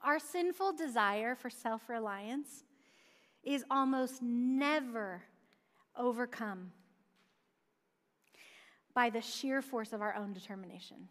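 A woman with a high voice delivers a sermon in an easy, conversational manner. She keeps asking rhetorical questions and slips in light asides. Her voice rings out with a long hall reverb. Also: takes it slowly, long pauses, a bit bright. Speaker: preacher.

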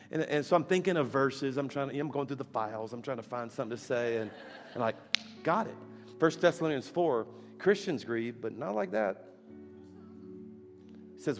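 A man preaches from a church pulpit, telling stories animatedly and firing off rhetorical questions. His voice echoes through a big sanctuary, with soft music beneath it. He sits at an ordinary pitch for a man. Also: expressive, brisk. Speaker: guest preacher. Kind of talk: storytelling sermon. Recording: echoey hall with faint music.

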